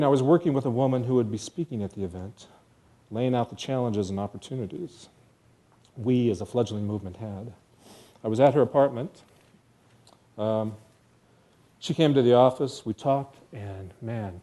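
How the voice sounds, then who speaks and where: An American man tells a personal story to an audience in vivid present tense. He is earnest and quick to poke fun at himself. His voice is mellow and warm, at an ordinary pitch. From United States. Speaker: speaker telling a personal story.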